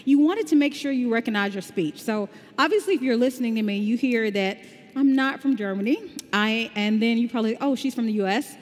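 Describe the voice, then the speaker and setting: A woman with a slight Southern US drawl presents at a tech conference, upbeat and chatty as she explains ideas step by step. Her voice sits a bit high, and it rings with the long reverb of a big hall. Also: fairly quick. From Southern United States. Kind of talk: conference talk with live demo.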